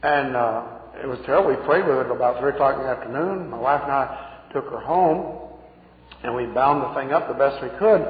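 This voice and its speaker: A man preaching, a folksy, chuckling storyteller. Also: medium pitch. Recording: phone-like echoey hall recording.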